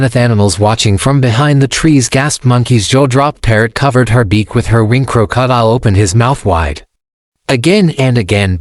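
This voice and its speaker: A man's voice: medium pitch, no echo. Man narrating a folktale, dry close sound. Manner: simple, even storytelling. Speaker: storyteller.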